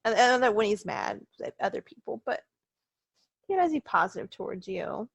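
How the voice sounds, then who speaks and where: A woman's voice: mid-range voice, sing-song, fairly quick, gravelly, husky, dry recording. A woman co-hosting a podcast in casual chat, playful and cheeky, laughing often. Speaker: podcast co-host.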